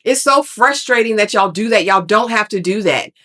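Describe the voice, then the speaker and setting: A woman's voice: mid-range voice, expressive, normal speed, pushed and bright. A woman giving a casual, sassy TV recap, calling listeners honey and baby. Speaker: TV recap vlogger.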